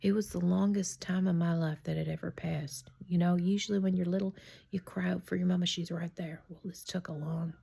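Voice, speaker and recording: Middle-aged woman rambling thru a storytime, low gravelly voice, keeps going to a whisper. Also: steady tone, brisk. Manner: often drops into a hushed whisper; chatty and digressive. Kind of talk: casual spoken storytime.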